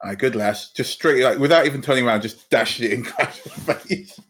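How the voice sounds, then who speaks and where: A man's voice: medium pitch, brisk, fairly bright tone, breathy edge. Brash man playing a tabletop game. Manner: brash, joking, laughs often. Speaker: player. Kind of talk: in-character play at a tabletop game.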